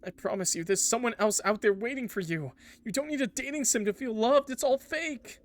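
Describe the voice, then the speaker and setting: A man's voice: very high-pitched, fairly quick, voice pushed up. A man voicing a panicked game character who desperately pleads with the player to leave. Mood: frantic pleading.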